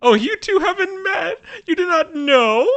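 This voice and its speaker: A woman voicing a theatrical, elegant high-society lady who gushes in a high, affected voice. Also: expressive, a little slow, a bit bright, dull audio, exaggerated voice. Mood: gushing.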